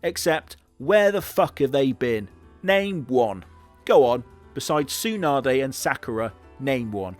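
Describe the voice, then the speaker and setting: A man's voice: mid-range voice, expressive, slow, soft background music. A man hosting a comedic rant, sarcastic and profane, with a mock-exasperated delivery. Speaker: host.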